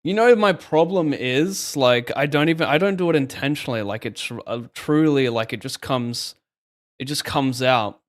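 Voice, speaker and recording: A man's voice: mid-range voice, moderate pace. A young man streaming poker, chatting casually, swearing and joking at his own expense. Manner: swearing, joking, self-mocking. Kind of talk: casual live-stream commentary.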